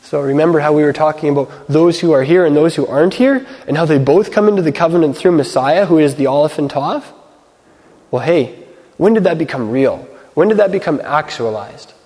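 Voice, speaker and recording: Casual preacher in an echoing hall. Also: male voice, on the high side, mellow. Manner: conversational, filler-heavy, reads scripture slowly. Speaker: Messianic teacher. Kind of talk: casual sermon. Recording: long hall reverb.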